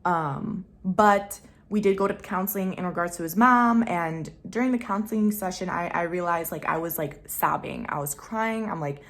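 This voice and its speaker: A young woman vlogger telling a personal story to camera, candid and slangy, swinging between loud emphasis and hushed asides. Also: fairly low pitch, moderate pace, few pauses. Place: home room.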